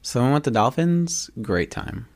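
A man's voice: mid-range voice, animated, measured pace, a little mellow. A man co-hosting a podcast, reacting to his co-host's story with playful, jokey interjections. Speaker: podcast co-host listening and reacting. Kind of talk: casual chat.

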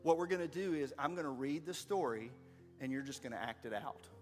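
A man's voice: a little high, expressive, brisk, darkish tone. A man narrating a story aloud and directing children in a skit, playful and encouraging, laughing often, speaking into a handheld microphone. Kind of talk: live narration with stage directions. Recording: long hall reverb, faint music.

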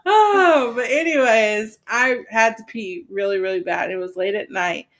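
Casual podcast co-host: a woman, giggly and rambling, voice a little high. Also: measured pace, a bit bright. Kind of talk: casual chat.

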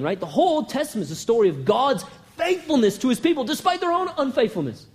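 A man preaching a sermon with passion and rhetorical questions, swinging between loud bursts and hushed lines. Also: high-pitched, big pitch swings, brisk.

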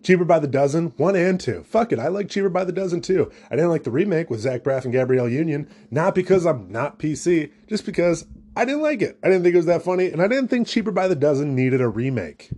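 A man's voice: on the high side, lively intonation, fast talker, warm tone, husky. A young man, a new father, hosting a solo comedy podcast in a rambling, jokey, self-deprecating way. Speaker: podcast host.

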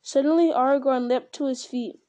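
A woman reading a novel aloud in a steady, plain storytelling manner. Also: sits high, moderate pace. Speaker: reader.

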